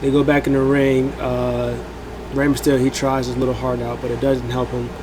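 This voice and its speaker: A man with a medium-pitched voice talks at normal speed over a noisy background. Hosting a review show, he casually recaps a wrestling event, rambling animatedly with lots of fillers and acting out quotes.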